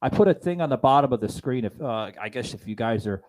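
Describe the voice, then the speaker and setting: A man's voice: mid-range voice, lively intonation, fast talker, darkish tone. A man hosting a political podcast in a fervent style, repeatedly calling his listeners folks. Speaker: podcast host.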